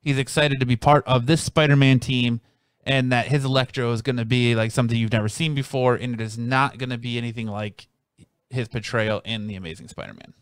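A man hosting a casual podcast, loud, hyping and joking. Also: mid-range voice, steady tone, a little fast, smooth, no room sound, studio quality. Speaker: podcast host.

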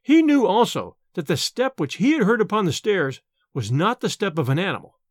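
A man reading a classic horror tale aloud, his fairly high voice rising and falling with theatrical expression. The recording is dry and close, with no room around it. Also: big pitch swings, brisk, no room sound. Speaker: narrator. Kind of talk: audiobook reading of a Victorian horror story.

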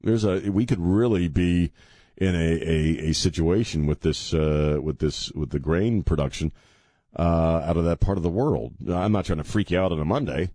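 A man's voice: deep voice, normal speed, dark tone, no room sound, clean studio sound. A man hosting a talk radio show, rambling casually and joking at his own expense, then turning earnest about faith. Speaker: radio host. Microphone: studio mic with headphones.

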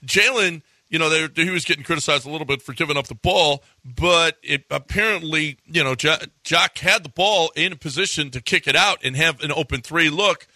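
A man co-hosting a sports talk show, firing quick, needling questions in casual chat. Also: a little high, sharp tone, no echo. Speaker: sports radio co-host.

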